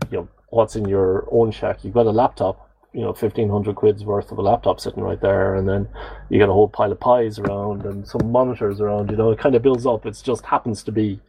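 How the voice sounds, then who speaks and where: A man's voice: lowish voice, little pitch movement, fairly quick, vocal fry, dark tone, husky, low-quality recording. A man co-hosting a podcast, chatting casually and rambling through listener comments with lots of fillers and self-deprecating asides. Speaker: podcast co-host.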